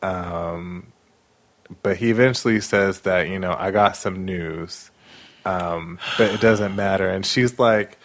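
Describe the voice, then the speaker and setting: Low-voiced man recapping a show. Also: slow. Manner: animated retelling with acted-out quotes. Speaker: podcast co-host. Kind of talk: casual chat recapping a show.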